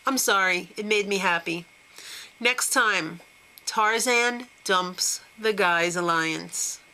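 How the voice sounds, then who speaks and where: A woman's voice: medium pitch, takes it slowly, pushed and bright, low-quality recording. A woman hosting a casual reality-TV recap, talking in a gossipy, snarky way and giggling often. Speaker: show recap host.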